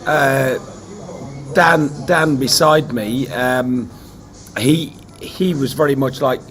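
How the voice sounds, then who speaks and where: A man hosting a casual fan chat from a hotel lobby, excitable and stammering, swearing freely. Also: medium pitch, slow pace. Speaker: podcast host. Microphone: laptop video call.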